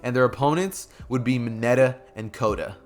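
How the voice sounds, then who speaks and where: A man's voice: mid-range voice, brisk, faint music behind. A slangy man telling a fan story. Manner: loose and slangy, with frequent fillers and asides. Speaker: narrator of fan what-if stories. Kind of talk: casual spoken storytelling.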